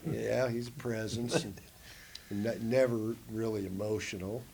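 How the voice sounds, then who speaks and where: A man, a band member, telling stories in a casual oral history interview in a museum, animated at times and dropping soft on sad parts. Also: fairly low pitch, measured pace, vocal fry, background noise. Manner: animated, acts out quotes in a raised voice.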